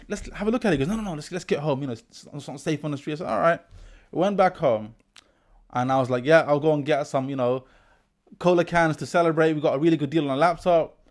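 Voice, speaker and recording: A man in his forties, a teacher hosting a podcast, tells animated anecdotes and acts out the people he quotes. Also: medium pitch. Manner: animated anecdotes, quoting people with lively voice shifts. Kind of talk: casual storytelling in an interview.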